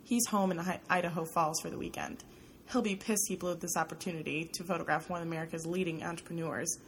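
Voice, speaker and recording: A woman reading an audiobook, voicing a bossy, forceful young woman journalist with an emphatic, pushy delivery. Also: fairly low pitch, fairly even intonation, fast talker, a little hiss or hum, natural voice.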